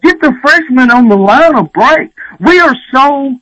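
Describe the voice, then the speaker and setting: A man's voice: extremely high pitch, expressive, measured pace, sharp tone, no echo, rough recording. A man calling in to a sports radio show, fired-up and blunt, swearing freely. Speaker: caller.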